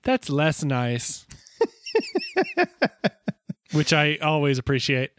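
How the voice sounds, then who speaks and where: A man with a somewhat high, bright voice jumps around his range as he reacts to an episode recap. He laughs easily and throws in quick comments. His voice is recorded close and dry. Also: huge pitch swings, dry recording. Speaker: podcast co-host. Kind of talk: casual episode recap chat.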